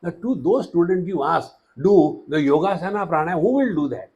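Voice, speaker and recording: Husky-voiced Indian man giving a discourse. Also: a little high, animated, a little fast, a little mellow, muffled recording. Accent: Indian English. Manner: anecdotal, humorous storytelling. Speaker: spiritual teacher. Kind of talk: spiritual discourse.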